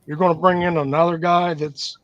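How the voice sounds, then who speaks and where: A man's voice: on the high side, flat delivery, brisk, dry recording, muffled recording. A man co-hosting a casual livestream chat who talks in a laid-back, frank, plain-spoken way. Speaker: livestream co-host.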